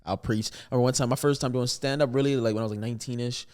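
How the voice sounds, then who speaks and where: A man's voice: medium pitch, fairly even intonation, rapid-fire, darkish tone, smooth. A young man, a comedian, telling stories in a casual podcast chat, playful and laughing often. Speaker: comedian guest.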